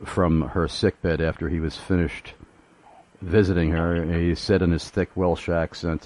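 A man's voice: low-pitched, flat delivery, measured pace, a little mellow. A man hosting a radio talk show, telling a personal story with frequent hesitations and chuckles.

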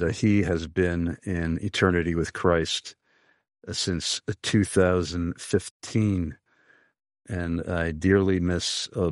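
A man hosting a radio interview show, speaking in an earnest, halting way with frequent pauses. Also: low voice, no echo, clean studio sound. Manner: slow, earnest, halting with many uhs.

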